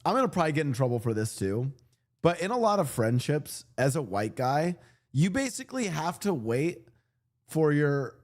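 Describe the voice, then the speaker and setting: Lively joking male streamer. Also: on the high side, normal speed. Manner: rambling, joking, many restarts and fillers. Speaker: streamer reacting to clips. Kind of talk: casual reaction commentary.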